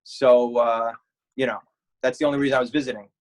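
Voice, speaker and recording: A man's voice: medium pitch, level tone, brisk, poor audio. A man in his forties, a camp alumnus, telling old stories in an interview with dry humor. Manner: wry, storytelling with humor. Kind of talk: reminiscing interview answers.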